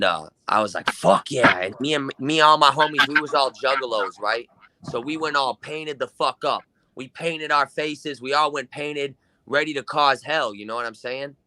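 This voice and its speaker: A man's voice: mid-range voice, pushed and bright, no echo. A young man from Wisconsin, a guest musician telling rambling, profane stories in casual chat. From Kenosha, Wisconsin. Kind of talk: casual storytelling.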